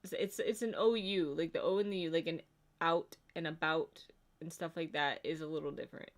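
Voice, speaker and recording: A woman's voice: low voice, steady tone, brisk. A woman co-hosting a livestream in casual chat, rambling with lots of fillers and reading out chat comments. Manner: chatty, rambling, says "like" a lot. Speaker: co-host of a livestream.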